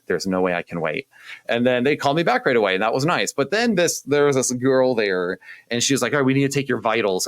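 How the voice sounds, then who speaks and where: A young man, a youth pastor, casually telling a personal story with animated, self-deprecating humor and acted-out quotes. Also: on the low side, no room sound. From Indiana, US. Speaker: youth pastor, podcast co-host.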